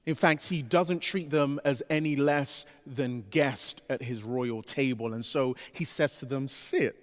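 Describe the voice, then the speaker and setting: A man preaching a sermon as pastor, animated, with his voice rising to a pleading pitch as he voices the disciples. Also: measured pace. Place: church sanctuary. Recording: long reverb of a large church sanctuary.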